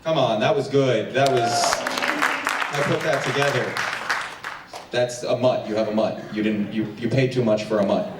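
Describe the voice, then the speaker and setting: A man from New Jersey doing a stand-up comedy set with quick crowd work on a theater stage. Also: medium pitch. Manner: quick crowd work, animated voices for pets. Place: theater stage before a packed house. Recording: echoey stage sound from far off, audience noise.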